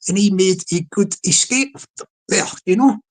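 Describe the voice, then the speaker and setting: Husky Scottish man rambling live. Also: sits high, measured pace, low-quality recording. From Scotland. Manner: chatty, repeats words, many restarts. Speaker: livestream host. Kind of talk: rambling comedic live commentary.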